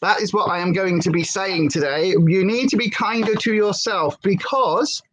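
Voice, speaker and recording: A woman's voice: medium pitch, moderate pace, crowd noise, poor audio. A British woman hosting a casual livestream from home, chatty and prone to tangents, a former TV presenter telling stories. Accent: British English. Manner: chatty, wanders off on tangents, lively storyteller. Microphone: headphones with desk setup.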